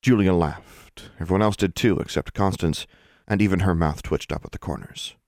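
A man with a very low, deep voice narrates an audiobook in a steady, measured way. The recording is dry and close, with no room sound. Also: no echo.

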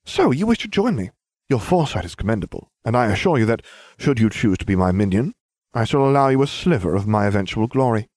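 A man's voice: mid-range voice, sing-song, fast, a little mellow, no echo, pitched above the performer's own voice. A man voicing a smug, scheming boy wizard who talks in a grandiose, condescending way.

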